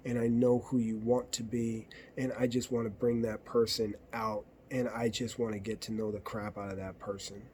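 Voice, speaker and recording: A man's voice: mid-range voice, warm tone. A man hosting a podcast, talking in a blunt, profane, conversational way and acting out what arguing partners say. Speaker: podcast host. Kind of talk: casual monologue.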